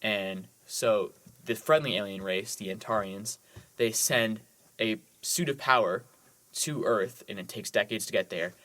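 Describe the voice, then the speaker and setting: Enthusiastic young man, lowish voice. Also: measured pace, pushed and bright. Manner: enthusiastic, rambling with many "like"s. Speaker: podcast co-host. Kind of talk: casual movie podcast chat.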